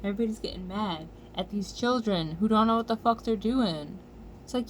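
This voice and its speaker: An American woman rants into the camera in a heated, foul-mouthed commentary, her voice jumping into loud outbursts. Her pitch sits in an ordinary middle range, and a faint hiss of noise runs underneath. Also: fairly quick. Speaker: vlogger. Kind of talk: angry commentary rant.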